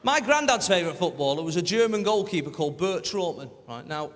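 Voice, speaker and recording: A man's voice: high voice, sing-song, fairly quick, a bit bright. A man doing stand-up, with cheeky, punchy crowd work. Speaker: stand-up comedian. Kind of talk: stand-up routine. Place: large theatre stage with live audience. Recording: reverberant hall, roaring crowd.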